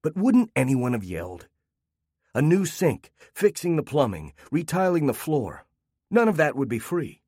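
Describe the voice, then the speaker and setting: A man narrating a first-person story in a calm, wry way. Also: fairly high pitch, unhurried, husky, dry recording, studio quality.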